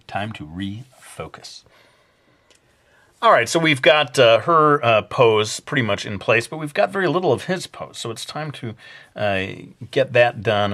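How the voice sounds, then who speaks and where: A man with a somewhat low voice walks viewers through a drawing in a deliberately put-on Brooklyn accent. He rambles loosely, filling pauses with uhs and poking fun at himself as he sketches. The talk stays casual and conversational. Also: a bit bright. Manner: jokingly putting on a Brooklyn accent; rambling and self-mocking, with many fillers. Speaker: drawing instructor. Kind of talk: casual drawing tutorial narration.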